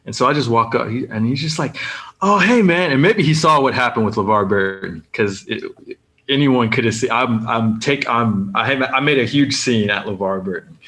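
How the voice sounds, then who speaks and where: A man, a guest on a podcast, telling anecdotes in a lively, casual way and acting out the people he quotes. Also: medium pitch, moderate pace. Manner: animated storyteller who acts out the people he quotes.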